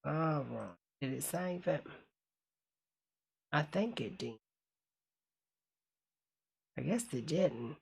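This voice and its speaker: A woman's voice: sits low, animated, slow, gravelly, pauses often, a little mellow, breathy edge. A woman hosting a casual live stream, chatting with viewers and calling everyone honey.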